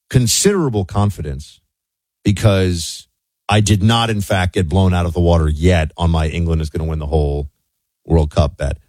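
A man talks in a loose, chatty monologue, circling back and restarting his sentences. His voice sits very low. The recording is dry and close, with no room sound. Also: a little mellow, no echo. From United States. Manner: rambling, self-correcting, chatty. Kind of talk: casual monologue.

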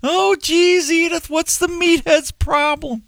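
A man voicing a gruff, grumbling middle-aged sitcom dad, in an exasperated, scolding tone. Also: extremely high pitch, steady tone, slow pace, fairly bright tone, dry recording, voice pushed up, heavily acted.

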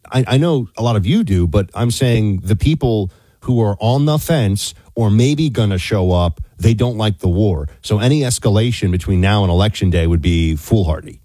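Lively man co-hosting talk radio. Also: fairly low pitch, normal speed, dry recording. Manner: animated, jokey, emphatic asides, mock accents. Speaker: radio talk show co-host. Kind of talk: casual talk radio banter and host-read ad.

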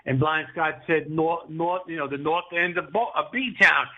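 A man's voice: on the high side, moderate pace, breathy edge. Rambling male caller over a phone line. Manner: rambling, boisterous storytelling. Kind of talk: call-in radio chat.

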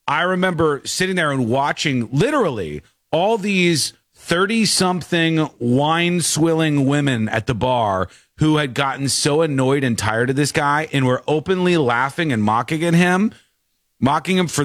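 Animated man in casual chat, lively pitch. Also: normal speed, dry recording, clean studio sound. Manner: animated, jokey storytelling. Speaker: podcast co-host.

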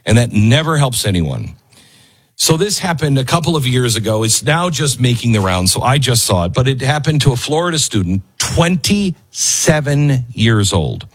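Emphatic husky-voiced male commentator. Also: mid-range voice, normal speed. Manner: emphatic, lively, repeats lines for stress. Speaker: commentary show host. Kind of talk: opinionated commentary over a played video.

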